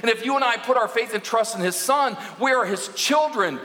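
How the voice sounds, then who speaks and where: A man's voice: very high-pitched, brisk, pushed and bright, big-room sound, low-quality recording. A man preaching a sermon as lead minister, earnest and at times emphatic.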